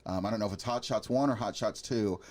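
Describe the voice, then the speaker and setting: A man's voice: on the low side, fast, a little mellow. A man co-hosting a casual podcast about parody movies, who rambles and restarts while he hunts for names. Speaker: podcast co-host.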